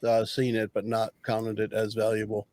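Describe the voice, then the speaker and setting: A man's voice: lowish voice, monotone, normal speed, crowd noise. A man playing a tabletop game, thoughtfully explaining his character's point of view. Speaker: player. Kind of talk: casual tabletop play.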